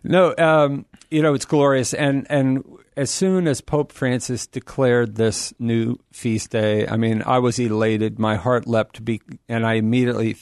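A man's voice: mid-range voice, little pitch movement, measured pace, few pauses, darkish tone, dry recording. Enthusiastic middle-aged man, dry studio. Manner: enthusiastic, rambling, preacherly. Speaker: guest. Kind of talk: casual radio talk.

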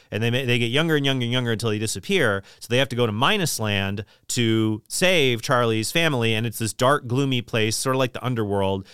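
A man's voice: medium pitch, a bit bright, clean tone, no room sound, studio quality. A middle-aged man talking casually and opinionatedly about books, rambling with frequent restarts.

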